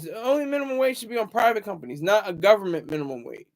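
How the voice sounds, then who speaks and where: A young man with a high voice rants in a loose, rambling way, sometimes swinging loud to taunt his critics. He talks straight to his viewers in a casual stream. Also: rapid-fire, few pauses. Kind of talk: casual livestream rant.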